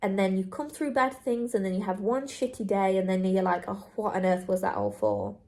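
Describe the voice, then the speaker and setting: A woman's voice: mid-range voice, lively intonation, brisk, darkish tone. Earnest woman vlogging to camera. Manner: earnest, repetitive, heartfelt. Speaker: travel vlogger. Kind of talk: candid vlog monologue to camera.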